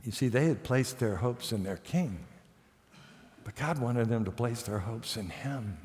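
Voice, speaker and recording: A man preaching a sermon as pastor, telling the story lively and acting out the characters' lines with light self-mocking humor. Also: medium pitch, unhurried, in a large hall, a little hiss or hum. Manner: storytelling, acts out the characters' quotes. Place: church sanctuary.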